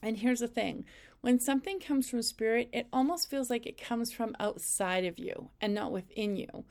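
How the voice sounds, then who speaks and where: Woman teaching a spiritual lesson, slow calm instructions, bit of vocal fry. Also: a little high. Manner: calm, step-by-step second-person instruction. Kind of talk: guided instructional talk.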